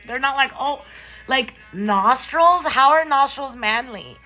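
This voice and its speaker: A woman live streaming from a hotel room, ranting casually and profanely to her viewers in an incredulous, animated way. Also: high voice, slow pace, soft background music. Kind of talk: casual chat.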